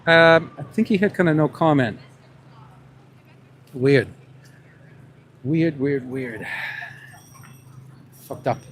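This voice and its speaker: A man's voice: on the high side, takes it slowly, long pauses, a little hiss or hum. A man doing a confrontational street vlog in a put-on New York accent, firing leading questions at passersby outdoors and muttering asides to a tripod camera. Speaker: street interviewer.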